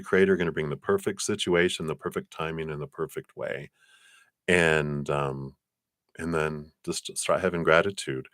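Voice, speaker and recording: Recorded in studio quality with no room sound, a man performs live-stream tarot readings. His speech is loose and spiritual with many fillers, and he voices quoted speech using dramatic pitch jumps.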